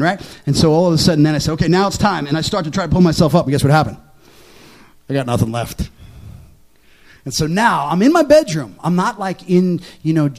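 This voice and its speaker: This preacher has a high voice and shares his personal testimony from the pulpit, posing questions to his audience. His delivery moves between loud, excited narration and quiet, gentle confession.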